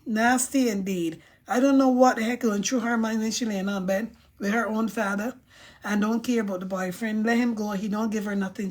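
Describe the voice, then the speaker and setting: A fairly high-pitched woman hosts a live stream in an easy, chatty way. She reads viewer comments aloud and answers them with outspoken, emphatic opinions. She often repeats herself to drive a point home. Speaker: livestream host reading viewer comments.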